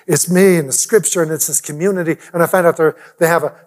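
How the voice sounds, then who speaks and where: Middle-aged pastor, man, storytelling talk, lively, slightly high voice, hushes to near whispers at times. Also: quick pace. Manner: animated, drops to near whispers.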